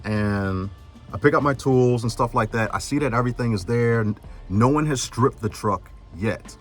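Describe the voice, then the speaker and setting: A man's voice: mid-range voice, moderate pace, faint music behind. A man telling a story casually as a vlogger, rambling with lots of fillers and acting out what people said. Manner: rambling, full of "like" fillers, retells dialogue. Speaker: vlogger, truck builder.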